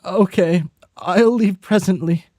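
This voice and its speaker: A man's voice: sits high, slow pace, a little mellow, dry recording, clean studio sound, pitched above the performer's own voice. A man doing a timid, stammering young troll. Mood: polite. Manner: stammering, hesitant questions. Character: timid young male troll, halting and unsure.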